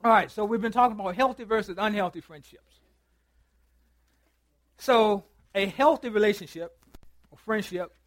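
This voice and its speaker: High-voiced preacher, dry close sound. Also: male voice, no echo. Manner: storytelling, acts out both sides of a phone call; swings from loud to hushed, drawn-out phrases. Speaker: pastor. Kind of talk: sermon. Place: church.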